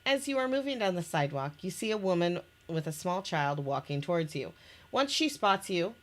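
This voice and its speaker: A woman's voice: fairly low pitch, sing-song, moderate pace. A woman presenting an interactive story game she made, reading its scenes aloud in casual chat. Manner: reads scenes aloud with restarts and laughs. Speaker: game maker presenting her game.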